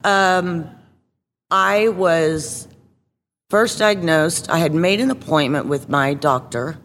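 A woman's voice: sits low, a bit bright, a little hiss or hum. Candid woman guest in roomy sound. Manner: candid, halting, with many fillers and restarts. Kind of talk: casual interview storytelling.

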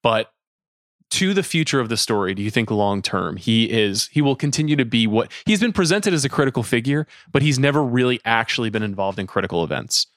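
A man's voice: mid-range voice, expressive, brisk, fairly bright tone, no room sound, clean studio sound. A man co-hosting a podcast, talking casually with wry, thoughtful asides. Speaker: podcast co-host. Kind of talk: casual chat about a TV episode.

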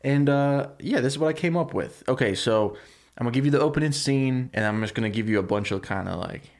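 Laughing easily and padding his talk with fillers, a male podcast co-host rambles through a movie pitch. He's animated and fast in this casual chat.

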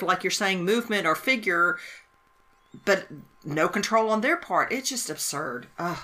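A woman who teaches, talking casually about a film in a halting, emphatic way with many restarts. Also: medium pitch, pushed and bright. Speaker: teacher and podcast co-host.

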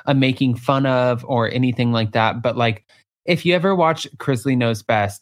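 A man's voice: medium pitch, normal speed. A man hosting a casual interview, asking curious, jokey questions. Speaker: host.

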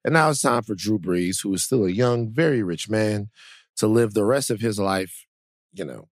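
This male co-host's fairly low-pitched voice moves at a moderate pace as he rambles through a casual podcast chat, full of fillers and restarts. It's a dry, studio-quality recording.

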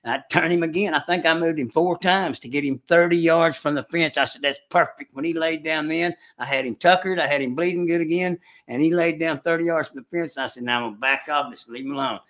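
An older man telling a hunting story in casual chat, with a folksy rural way of talking, animated when he acts out the shouting. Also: fairly high pitch, a little fast, few pauses. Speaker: storyteller recounting hunting trips.

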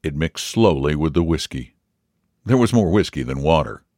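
A man reading a story aloud as narrator, measured and expressive. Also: very deep voice, dry recording, studio quality. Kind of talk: audiobook reading.

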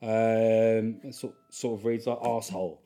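A man's voice: fairly low pitch, fairly even intonation, measured pace, warm tone. South London male podcast host, casual, self-deprecating comic. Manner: rambling, self-deprecating, jokey. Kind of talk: casual monologue.

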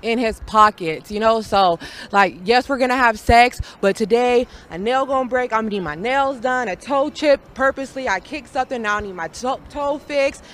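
A woman's voice: on the high side, normal speed, hardly any pauses, fairly bright tone. A woman answering street interview questions in a brash, boastful, slangy way. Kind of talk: casual street chat.

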